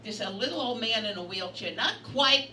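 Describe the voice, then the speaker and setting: Onstage at a bistro bar's comedy night, a Brooklyn woman delivers brash, bawdy storytelling punctuated by punchlines. Her slightly high voice is pushed and bright, brisk and lively in intonation, and the sound is echoey, distant, and full of bar noise.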